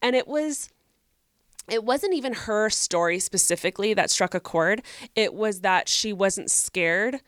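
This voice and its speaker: A woman's voice: medium pitch, a little slow, a bit bright, clean tone, dry recording, clean studio sound. A young woman co-hosting a podcast, giving earnest, encouraging advice to a listener in casual chat. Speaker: podcast co-host.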